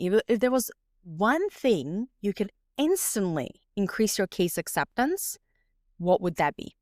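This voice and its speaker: A woman's voice: medium pitch, dry recording, studio quality. A pregnant woman in her thirties hosting her own business-coaching podcast, talking chattily and encouragingly with frequent little laughs. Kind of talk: solo podcast monologue.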